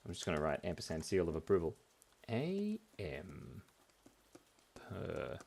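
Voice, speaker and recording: A man leads a live drawing class for children, chattering as he sketches and playing with silly words. His pitch leaps up and down all over the place, while his pace stays slow and unhurried. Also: wildly swooping pitch, creaky, darkish tone. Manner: playful, goofy wordplay, talking while drawing.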